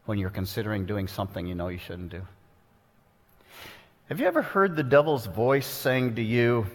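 A man's voice: very animated, normal speed. A man preaching a sermon with earnest, pointed delivery, reading scripture and explaining it verse by verse. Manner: earnest, pointed, dramatic shifts in pitch for quoted voices. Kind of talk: expository sermon. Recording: long reverb of a large hall.

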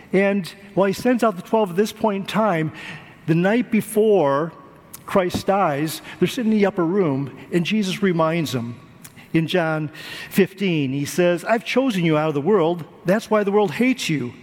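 A man's voice: high-pitched, darkish tone, long reverb tail. A man preaching a sermon, earnest, repeating words for emphasis. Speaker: pastor.

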